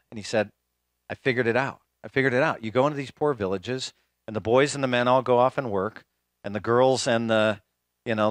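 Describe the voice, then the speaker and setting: A man's voice: fairly low pitch, fairly bright tone, no room sound, studio quality. A man giving a conference keynote in a casual storytelling way, with many fillers and restarts. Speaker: speaker. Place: conference hall, live talk.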